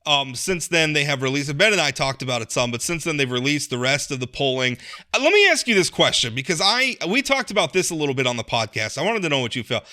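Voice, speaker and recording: A man hosts a casual political conversation with a bright, forceful voice. He sits a little above the usual male pitch. He talks in an animated way, stumbling over repeated words as he works through his points. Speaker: podcast host.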